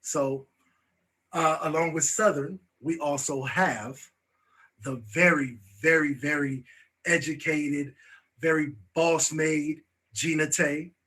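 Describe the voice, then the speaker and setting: Male talk host, bright and husky, slightly high voice, easygoing filler-heavy delivery. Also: fairly even intonation, slow pace, long pauses. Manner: loose, repeats "you know what I'm saying". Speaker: show host. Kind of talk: casual talk-show hosting.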